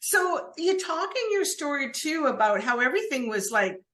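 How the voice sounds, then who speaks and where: A woman hosting an interview, prompting her guest gently and giving short supportive replies. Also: high-pitched, very animated, moderate pace. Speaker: podcast host.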